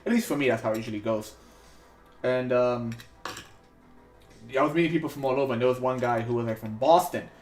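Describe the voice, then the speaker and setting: A man's voice: medium pitch, brisk, long pauses, darkish tone. A man hosting a sculpting livestream, chatting casually as he works, rambling with many fillers and restarts. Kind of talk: casual chat while working. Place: home studio in New York. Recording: roomy echo, faint music behind.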